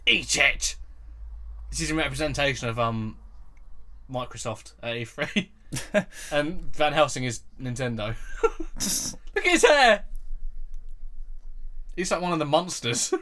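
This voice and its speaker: A young man talks his way through a film commentary, giggling and swearing as he goes. His voice sits a little high and swings up and down a lot, and he takes his time over the words. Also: sing-song, slow pace, long pauses, sharp tone. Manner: giggly and profane, laughing constantly. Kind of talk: casual laughing film commentary.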